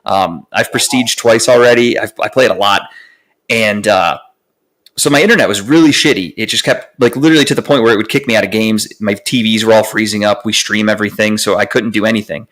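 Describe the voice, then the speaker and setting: A young man co-hosting a podcast, telling a long story in casual chat, animated and profane, with lots of fillers. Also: fairly low pitch, fairly quick. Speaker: podcast co-host.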